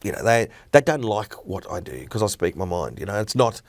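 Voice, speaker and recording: In a dry recording, a brisk male voice on the low side belongs to a middle-aged Australian stand-up comedian. He's blunt and opinionated in a casual podcast chat, telling stories animatedly.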